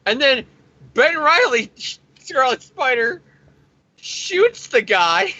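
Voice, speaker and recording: A man with a high, bright voice rambles through a comic recap, swearing freely and dripping sarcasm. He hosts his own review show. The sound is dull and lo-fi. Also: sing-song, slow pace, no echo. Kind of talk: casual profane comic recap. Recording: dull lo-fi recording.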